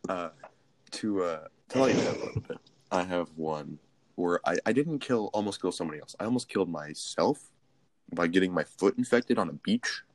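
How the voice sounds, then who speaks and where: A man's voice: low-pitched, expressive, brisk. A young man co-hosting a podcast, telling a rambling, profane story in casual chat. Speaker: podcast co-host.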